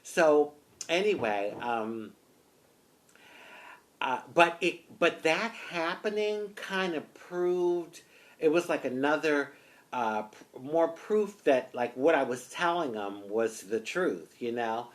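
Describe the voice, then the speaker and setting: A woman from the United States telling a personal story in an animated, expressive way, often saying "honey". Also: low voice, slow. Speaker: vlogger.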